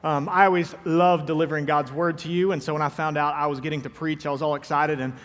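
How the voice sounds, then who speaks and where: High-voiced joking young pastor. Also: male voice, fairly even intonation, fast, fairly bright tone, in a large hall. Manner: joking, self-deprecating storyteller. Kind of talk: conversational sermon. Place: church sanctuary.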